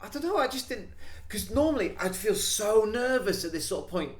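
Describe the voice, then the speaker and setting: A young man from Wales, co-hosting a casual podcast chat and telling animated stories. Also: high-pitched, a little fast. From North Wales. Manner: animated storyteller, says "mate" and "man" often. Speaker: podcast co-host.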